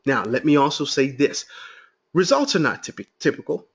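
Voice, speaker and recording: Man, webinar presenter; upbeat storyteller, fairly high and very lively pitch. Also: moderate pace, slightly rough, highs cut off. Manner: excited, storytelling, addresses listeners as guys. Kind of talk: sales webinar talk.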